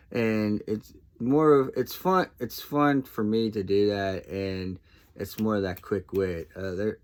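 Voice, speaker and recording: A man with a somewhat low voice talks to camera in a relaxed, reflective way. He is soft-spoken and hesitant, often pausing and restarting his sentences. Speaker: vlogger. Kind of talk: casual reflective monologue.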